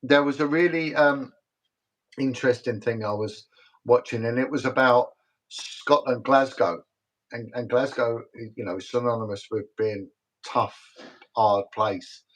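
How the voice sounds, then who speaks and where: A man's voice: medium pitch, fairly even intonation, unhurried, poor audio. A middle-aged British man, a retired detective, talking as a guest in a casual livestream interview, emphatic and repetitive, rambling from story to story. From Britain.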